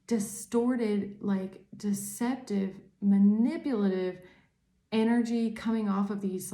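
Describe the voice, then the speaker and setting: A woman's voice: mid-range voice, measured pace, warm tone, echoey room. Swearing, ranting woman tarot reader. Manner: angry ranting, heavy swearing. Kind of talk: tarot reading to camera.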